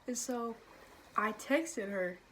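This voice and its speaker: A woman's voice: fairly high pitch, takes it slowly, fairly bright tone, a little hiss or hum. A young woman telling a storytime vlog in a casual, profane way, laughing often and filling her talk with "like". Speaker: vlogger.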